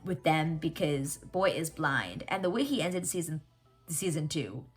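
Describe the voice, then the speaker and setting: A young woman hosting a casual TV reaction vlog, rambling and animated with lots of fillers and casual swearing. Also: sits low, a little slow, slightly rough, soft background music. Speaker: reaction channel host.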